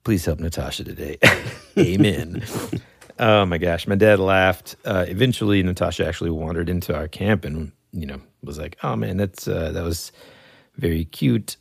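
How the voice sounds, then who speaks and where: A low-voiced man with a gravelly, husky edge tells a story in relaxed conversation. He laughs often and acts out yelled lines. The sound is dry and close. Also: normal speed, no echo. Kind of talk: casual storytelling chat.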